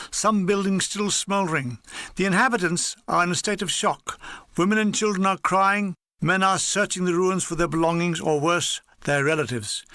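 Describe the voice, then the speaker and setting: A man reading his own war memoir aloud in a dry, wry, deadpan manner. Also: sits high, no room sound. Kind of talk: audiobook reading.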